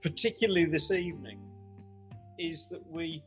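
A man's voice: fairly high pitch, normal speed, soft background music. A man co-hosting a podcast, jovial and chatty as he wraps up the show. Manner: jovial, wrapping things up warmly. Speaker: podcast co-host. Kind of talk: casual chat.

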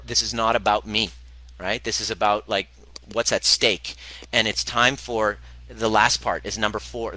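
A man's voice: on the low side, bright, forceful tone, low-quality recording. A middle-aged man, a former chiropractor, talking straight to camera about parenting in a blunt, passionate way, swearing and laughing often. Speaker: former chiropractor turned wellness video host. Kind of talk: direct-to-camera talk answering a viewer question.

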